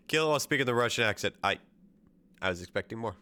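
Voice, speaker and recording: A man streaming a video game, chatting casually, excitable and swearing a lot as he jokes along. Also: mid-range voice, normal speed. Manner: excitable, profane, joking. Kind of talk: casual gameplay chat.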